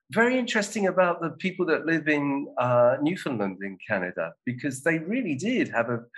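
A man's voice: medium pitch, fairly bright tone. Rambling man reacting to a video. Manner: rambling, with many ums. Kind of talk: casual reaction chat.

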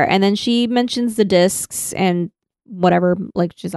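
Woman co-host, gravelly fry, casual recap, dry room. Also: mid-range voice, fairly even intonation, moderate pace, darkish tone, no echo. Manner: laughs often, recounts scenes. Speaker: podcast co-host. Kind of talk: casual chat.

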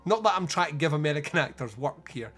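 Rambling sweary man, lively up-and-down voice, faint music behind, casual film podcast chat. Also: a little high, fast. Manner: rambling, sweary, lots of restarts and fillers. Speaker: podcast co-host.

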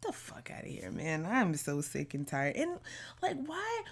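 Podcast host, woman; lowish voice with a gravelly fry, plainspoken and slangy, casual solo talk. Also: wildly swooping pitch, measured pace. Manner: blunt, slangy, outspoken.

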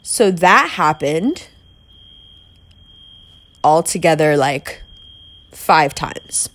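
Chatty woman with a lowish voice. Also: lively intonation, very slow, a bit bright. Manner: chatty, peppered with "like", quoting herself. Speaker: storyteller. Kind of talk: candid personal storytelling.

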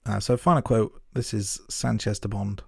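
Husky, gravelly male podcast co-host. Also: fairly low pitch, fairly even intonation, normal speed, darkish tone, no room sound, clean studio sound. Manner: self-deprecating, laughs at himself, stumbling restarts. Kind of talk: casual film chat.

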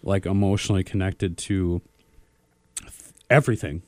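A man with a low, mellow voice co-hosts a relaxed radio talk. He tells stories in an animated, joking way, and the studio sound is dry and close. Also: moderate pace, no room sound. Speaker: radio co-host. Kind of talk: casual radio chat.

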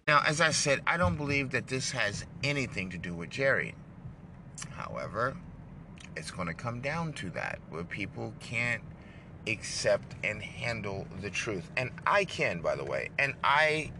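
A man hosting his own show, delivering an impassioned sports rant that swings between loud outbursts and hushed asides. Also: mid-range voice, slight background noise. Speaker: show host. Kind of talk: ranting sports monologue.

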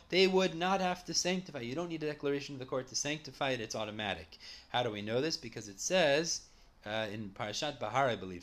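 A man teaching a Talmud lesson at a medium pitch, laying out the argument one step at a time. He reads each Aramaic phrase and then translates it into plain English. His delivery is conversational, with small self-corrections along the way. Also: a bit bright. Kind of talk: Talmud study lecture.

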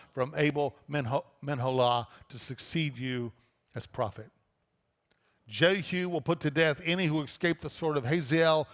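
A man's voice: mid-range voice, a bit bright, big-room sound. A man preaching a sermon, reading a scripture passage aloud and then explaining it with rhetorical questions. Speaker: pastor.

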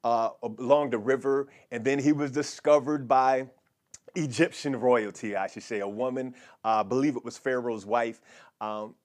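A male pastor teaching a sermon, speaking haltingly with many fillers and repeated words, and having the audience repeat declarations aloud. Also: medium pitch, steady tone, darkish tone.

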